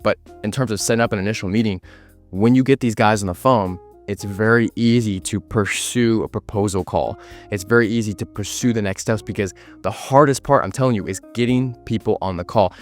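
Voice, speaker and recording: A young man talks business straight to the camera with hard confidence, leaning on repeated words to drive each point home. His voice sits low, and faint music plays underneath. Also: brisk. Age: young adult. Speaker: agency owner giving business advice. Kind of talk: direct-to-camera business vlog.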